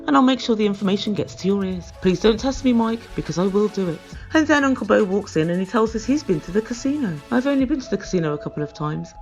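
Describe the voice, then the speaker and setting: A woman delivers a sarcastic, theatrical reality-TV recap in a voice of middling pitch. The recording is dull and lo-fi. Faint music runs underneath. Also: darkish tone. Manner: sarcastic, dramatic and emphatic, refers to herself in the third person. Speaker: YouTube reality-TV reviewer. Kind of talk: comedic recap commentary.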